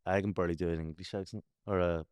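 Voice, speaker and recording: A man's voice: low voice, steady tone, racing, a little mellow, clear, resonant tone, no room sound. A man with a West Belfast accent chatting casually on a podcast, swearing freely and telling stories with a slight slur. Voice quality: slurred speech. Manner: swears a lot, storytelling. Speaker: podcast host. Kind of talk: casual chat.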